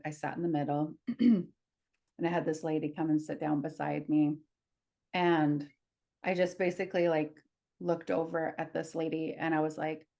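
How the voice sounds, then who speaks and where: Co-hosting a podcast, a woman with a low voice shares a personal story in casual conversation. She's animated and laughs a lot while acting out what people said.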